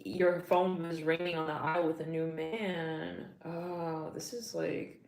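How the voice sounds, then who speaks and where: A woman's voice: deep voice, fairly even intonation, a little slow, a little mellow, faint music behind. A woman giving a casual tarot reading, chatty and slangy, getting emotional as she talks. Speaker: tarot reader. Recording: echoey room, faint noise.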